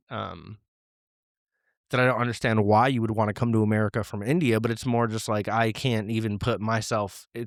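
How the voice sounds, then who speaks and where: Casual low-voiced LA podcast host, rambling, dry close sound. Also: male voice, no room sound. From Los Angeles area. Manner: rambling, with many restarts and fillers. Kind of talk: casual comedic monologue.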